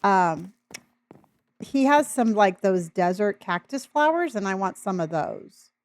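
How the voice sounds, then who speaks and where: Older woman live-streamer, chatty, friendly, mid-pitched voice, talks to chat while building. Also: lively intonation, measured pace, no echo, clean studio sound. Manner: chatty, greets viewers by name, thinks aloud.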